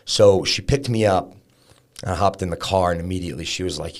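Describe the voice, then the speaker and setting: This thirtysomething podcast guest has a low-sitting voice and a fairly quick delivery. He tells a personal story frankly and casually, often using fillers and starting over mid-thought.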